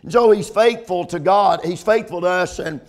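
A middle-aged male pastor preaching a sermon, repeating words, dropping in "amen" often, and slowing down to stress points before rising to loud peaks. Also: high-pitched.

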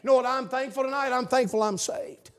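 A man preaches in church with a strikingly high-pitched voice. He delivers a fervent revival sermon, moving from hushed, low asides to loud shouted appeals to the congregation. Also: steady tone, brisk.

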